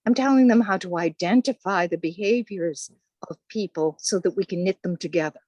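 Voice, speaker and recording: A woman's voice: lowish voice, fairly quick, darkish tone, no echo. An older woman with a Boston accent, a course instructor chatting through interview answers. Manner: chatty, conversational.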